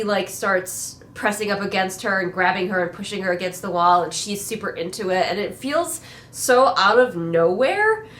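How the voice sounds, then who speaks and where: A woman reviewing a book in a sarcastic, chatty way, full of filler words, her voice a bit worn. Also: mid-range voice. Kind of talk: sarcastic casual book critique. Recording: roomy echo.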